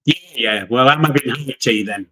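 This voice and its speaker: A man's voice: medium pitch, moderate pace, sharp tone, poor audio. An older man with a Yorkshire accent, co-hosting a live stream in blunt, grumbling casual chat. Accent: Yorkshire English. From Yorkshire, England. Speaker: livestream co-host.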